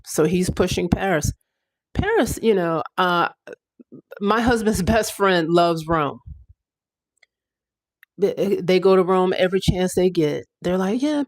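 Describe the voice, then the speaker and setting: A woman chatting casually on a livestream, animated, with quick asides. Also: lowish voice. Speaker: livestream host. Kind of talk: casual live chat.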